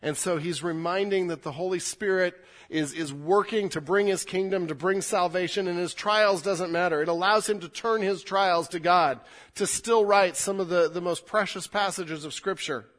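In a high-pitched voice at a moderate pace, a middle-aged pastor preaches, swinging from loud, emphatic scripture to quiet, intimate remarks. He frequently repeats words as he restarts.

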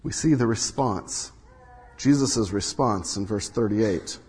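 A man preaching a sermon as pastor, moving between loud emphatic bursts and hushed low asides. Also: slow pace, breathy edge. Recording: long reverb of a large hall.

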